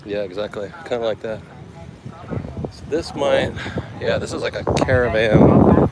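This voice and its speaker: Slow, easygoing man vlogging outdoors. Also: on the low side, heavy background noise. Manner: joking, chatty, thinking aloud. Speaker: travel vlogger. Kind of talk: casual walking vlog commentary. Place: outdoors walking through a seaside town.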